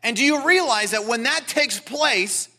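A man preaching a sermon, explaining scripture and dropping into quiet, earnest asides. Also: very high-pitched, lively intonation, measured pace. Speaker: pastor.

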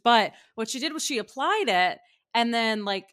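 Woman co-host, bright and sharp, spilling gossip in casual banter. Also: a little high, normal speed. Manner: gossipy, animated storytelling with frequent laughs. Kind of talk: casual chat.

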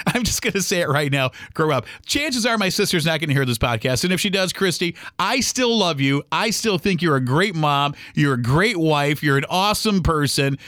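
Middle-aged male podcast host, rambling and heated, slightly high voice, dry recording. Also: lively intonation, normal speed, a bit bright, no room sound. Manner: rambling, heated, full of restarts and acted-out quotes. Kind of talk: solo podcast monologue.

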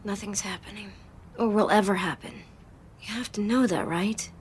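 A woman's voice: mid-range voice, normal speed, slight background noise, natural voice. An actress playing a distraught woman who pleads with her ex in a TV drama scene, her voice tearful and breaking into a near-whisper. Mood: pleading.

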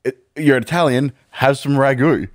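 A man's voice: mid-range voice, fairly even intonation, moderate pace. A man with an Australian accent, a podcast co-host joking and reacting in casual chat.

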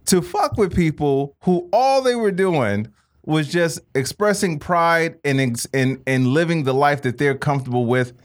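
Animated, swearing male podcast co-host. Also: a little high, measured pace. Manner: animated, swears freely, mocking put-on voices. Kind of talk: casual profane banter.

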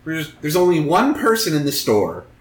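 Guy rambling thru a story, swears a lot, slightly high voice, echoey room. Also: huge pitch swings, normal speed, slight background noise. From Northeast Ohio. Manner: rambling storyteller, profane, acts out quotes. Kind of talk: casual chat.

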